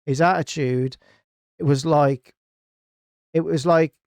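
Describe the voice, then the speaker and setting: A man spins a heated tale as a podcast guest, swearing constantly and slipping into other people's voices. His voice sits a bit high and comes across smooth and crisp, recorded close and dry. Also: takes it slowly, no echo. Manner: animated, heavy swearing, acts out others' lines. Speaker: podcast guest, gaming clan founder. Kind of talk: casual podcast storytelling.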